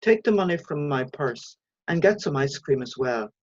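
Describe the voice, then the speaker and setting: A woman voicing a flirty mother who speaks in a high, put-on posh voice. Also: expressive, moderate pace, darkish tone, breathy edge, no room sound, muffled recording. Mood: curt.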